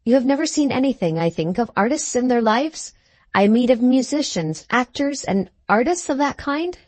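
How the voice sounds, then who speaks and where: A woman voicing an earnest foreign male musician who speaks gently but gravely in a storybook reading. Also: on the high side, lively intonation, normal speed, dry recording, pitched above the performer's own voice. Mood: gentle probing.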